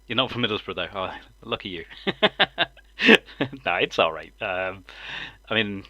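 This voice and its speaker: There's no room sound and the audio is dull as a low-voiced man speaks at a measured pace, his tone pushed and bright. A Lincolnshire native in his forties with a mixed, mildly southern English accent, he chats casually on a live stream, rambling with many ums and frequent laughs.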